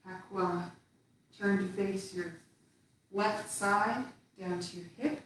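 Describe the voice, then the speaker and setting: A woman teaching tai chi, giving calm cues while she moves through the form. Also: mid-range voice, recorded from a distance, slight background noise. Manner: calm, slow cues spoken while moving. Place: indoor room with little space. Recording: very echoey room, voice away from the mic.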